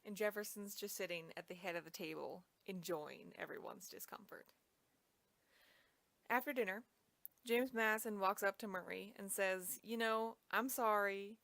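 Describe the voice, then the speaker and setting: A woman's voice: mid-range voice, normal speed, vocal fry, a bit bright, dry recording. A young woman casually retelling a history story, chatty and full of fillers. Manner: chatty, lots of "like".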